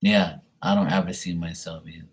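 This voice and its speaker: A man's voice: low-pitched, steady tone, fairly quick. A young man doing a live tarot reading on camera, relaying messages in a rambling way full of fillers. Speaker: tarot reader. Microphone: webcam at desk.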